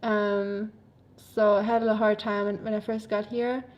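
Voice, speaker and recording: A woman's voice: medium pitch, little pitch movement, moderate pace, lo-fi sound. A woman with a German accent, a native German speaker, chatting casually on a livestream, rambling with many fillers and frequent laughs. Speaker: livestreamer reading chat.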